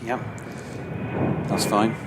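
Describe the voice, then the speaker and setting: A man's voice: extremely slow, noisy background. A man giving easygoing ball-by-ball cricket commentary, correcting himself as he goes.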